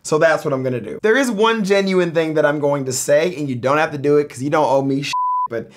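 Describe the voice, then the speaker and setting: A man talking straight to camera in a casual confessional vlog, animated and profane, swinging from loud outbursts to low mutters. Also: fast talker, noisy background. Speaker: YouTuber.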